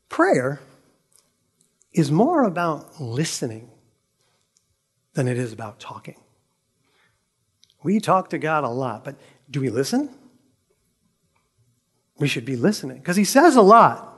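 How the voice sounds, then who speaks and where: Lively, high-pitched male preacher. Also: a little slow, pauses often, breathy edge. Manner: emphatic, dramatic reading of scripture, rhetorical questions. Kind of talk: sermon.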